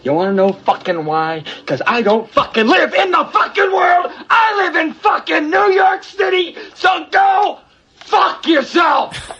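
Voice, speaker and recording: A man's voice: very high-pitched, sing-song, muffled recording, voice pushed up, heavily acted. An enraged ranting city guy. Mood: furious. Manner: shouting, swearing, drawn-out words. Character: furious foul-mouthed city man ranting.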